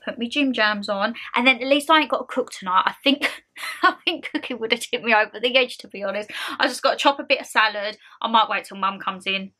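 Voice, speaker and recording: A young woman ranting to her vlog camera at home, animated and exasperated, full of slangy asides. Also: fairly high pitch. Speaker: vlogger. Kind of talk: casual ranting chat to camera.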